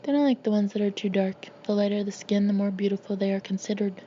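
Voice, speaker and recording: A blunt old dad who orders everyone around and never notices how he comes across, read by a woman. He speaks in a warm, low-key tone, gruff and matter-of-fact. The recording is slightly muffled, with faint hiss behind it. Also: fairly even intonation, fast talker, close to an everyday voice. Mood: chatty. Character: blunt old father, bossy and oblivious.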